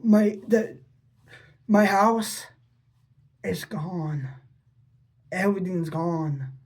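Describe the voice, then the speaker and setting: A man's voice: sits high, drawn-out words, darkish tone. A man vlogging an unscripted, rambling monologue to his father, repeating himself and asking pleading questions. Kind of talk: unscripted personal vlog monologue.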